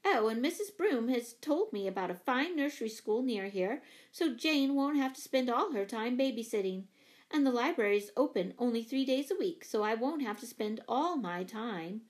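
A woman's voice: fairly high pitch, lively intonation, moderate pace, natural voice. A woman voicing a practical, chatty mother who works as a librarian, read for a children's storybook. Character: middle-aged mother and librarian, brisk, practical.

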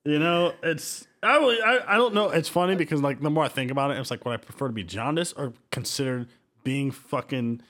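Hesitant, swearing man with a higher voice. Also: brisk, a bit bright. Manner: hesitant, swears a lot, restarts. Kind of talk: casual crude banter.

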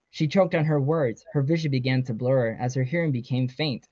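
A man's voice: mid-range voice, a little fast, warm tone, no room sound. A man, a guest author, reading his novel aloud earnestly with small stumbles. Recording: dry, slightly dull sound.

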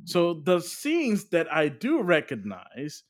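Animated chatty man. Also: a little high, slow. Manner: animated, filler-heavy, voice jumps up when excited. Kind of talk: casual chat about games and movies.

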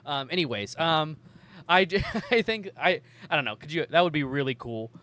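A man's voice: a little high, expressive, moderate pace, pushed and bright. Chatty man hosting a podcast. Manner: chatty, rambling, many ums. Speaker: podcast host. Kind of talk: casual podcast chat.

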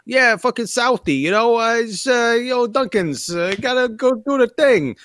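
A man putting on a brash Boston tough guy as a quick joke impression in a chat. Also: very high voice, expressive, a bit bright, pitched above the performer's own voice. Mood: mocking. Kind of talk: jokey impression in casual chat.

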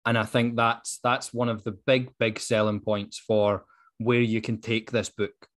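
A man's voice: fairly low pitch, little pitch movement, unhurried. A man with a Dundee Scottish accent, co-hosting a podcast in casual chat, earnest and passionate, with frequent ums. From Dundee, Scotland. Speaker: podcast co-host.

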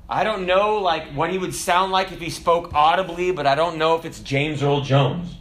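A male preacher with a bright, forceful voice pitched a little high for a man. He tells stories in a chatty, animated way and keeps checking in with his listeners. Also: normal speed. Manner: conversational, animated storytelling with asides to listeners. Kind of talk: sermon.

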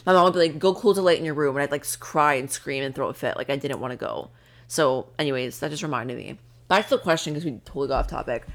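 A woman's voice: extremely low pitch, quick pace. A young woman co-hosting a podcast, chatting casually and telling spooky stories with lots of fillers. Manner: animated storytelling, lots of fillers. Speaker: podcast co-host. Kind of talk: casual chat.

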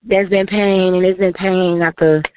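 A woman's voice: fairly low pitch, little pitch movement, unhurried, slight background noise. Woman, phone-like. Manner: emotional, run-on storytelling with many "like"s. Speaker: author and guest. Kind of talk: personal testimony in an interview. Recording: tinny phone-like line.

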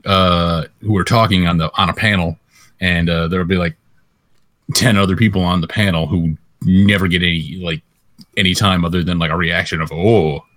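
Deep-voiced man in teasing podcast banter. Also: steady tone, brisk, fairly bright tone, no room sound, studio quality. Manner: teasing, mock-announcer quips. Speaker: podcast co-host.

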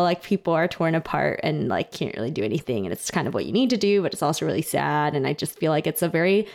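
A woman co-hosting a podcast, talking earnestly and emotionally about a scene, full of "like" and "you know". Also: fairly low pitch. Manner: earnest and emotional, many fillers like "like". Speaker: podcast co-host. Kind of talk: casual chat.

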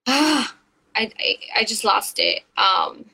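A woman's voice: on the high side, animated, slow pace, creaky, pushed and bright, breathy edge, rough recording. A woman co-hosting a casual faith podcast, earnest and encouraging, laughing often. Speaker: podcast co-host.

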